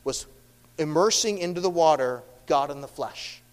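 A man preaching a sermon, earnest and emphatic, swinging between raised lines and hushed, quiet ones. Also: fairly high pitch, normal speed, clean tone. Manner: earnest, emphatic, lively rises and hushed drops. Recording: long hall reverb.

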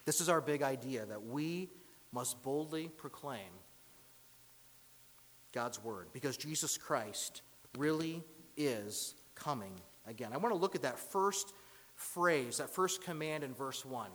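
Man, pastor, sermon, emphatic, loud-to-hushed swings, long church reverb. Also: medium pitch, lively intonation, slow. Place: church sanctuary.

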